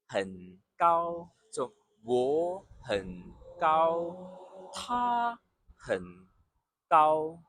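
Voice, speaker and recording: A man teaching pronunciation, slowly repeating syllables and short words and explaining them in English. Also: a little high, fairly bright tone, no echo. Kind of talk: slow, deliberate lesson drilling sounds for repetition.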